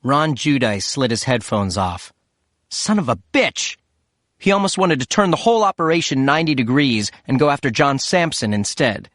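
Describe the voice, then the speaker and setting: A man narrating an audiobook in a steady, measured way. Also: medium pitch, no echo, clean studio sound. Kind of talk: scripted narration.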